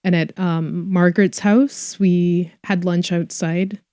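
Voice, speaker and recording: A woman actress chatting casually in an interview, full of fillers and quick laughs. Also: lowish voice, steady tone, warm tone, dry recording, clean studio sound.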